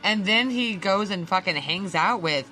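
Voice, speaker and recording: A woman co-hosting a casual podcast, ranting with lots of swearing and quick laughs. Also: mid-range voice, animated, sharp tone, faint music behind. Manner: profane, ranting, laughs easily. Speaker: podcast co-host. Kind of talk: casual chat.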